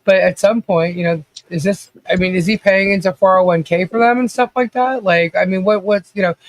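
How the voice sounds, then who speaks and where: A man's voice: high voice, steady tone, brisk, dry recording. A man hosting a casual livestream commentary, blunt and ranting, swearing freely and reading out viewer chat comments.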